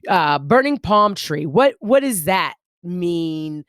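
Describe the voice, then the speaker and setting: A woman's voice: lowish voice, big pitch swings, takes it slowly, dry recording, clean studio sound. A woman hosting a casual interview, asking friendly, curious questions and laughing along. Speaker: podcast host.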